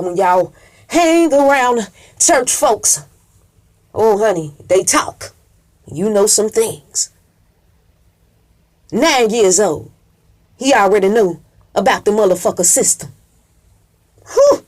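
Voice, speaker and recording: With a medium-pitched, slightly mellow voice, a woman delivers a profane story in the rhythm of a preacher. Curses and call-and-response run all through it.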